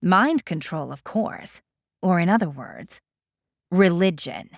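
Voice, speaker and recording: A woman's voice: lowish voice, expressive, takes it slowly, no room sound, clean studio sound, pitched below the performer's own voice, heavily acted. A woman voicing an angry, defiant female teacher in an audiobook, sarcastic and biting. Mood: scornful. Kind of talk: audiobook character voice.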